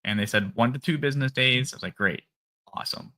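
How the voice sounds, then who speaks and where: A man with a Minnesota accent, hosting a live stream and casually telling a long story, acting out phone calls in animated voices. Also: mid-range voice, fast.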